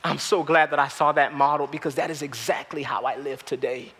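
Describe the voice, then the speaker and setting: Impassioned high-voiced male preacher. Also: steady tone, brisk, slightly rough, in a large hall. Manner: impassioned, swinging from loud to hushed. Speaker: pastor. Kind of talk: sermon. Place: church hall.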